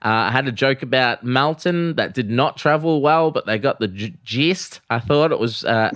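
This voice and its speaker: A man's voice: mid-range voice, lively intonation, normal speed, a bit bright. A man with an Australian accent, co-hosting a casual comedy sports podcast and teasing playfully. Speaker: comedian co-host.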